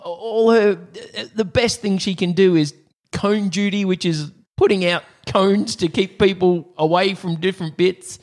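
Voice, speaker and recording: A man's voice: high-pitched, fairly even intonation, unhurried, darkish tone. A man hosting a podcast in casual chat, playful and jokey. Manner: playful, jokey, mock-stern with kids. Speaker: podcast host.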